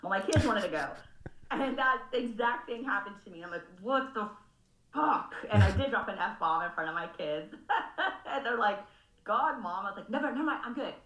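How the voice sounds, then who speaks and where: In her thirties and from California, a woman with a mid-range, fairly bright voice talks briskly and animatedly on a casual group video call. As a participant sharing with the group, she tells a story full of laughing and swearing; the recording is low-quality and the room echoey.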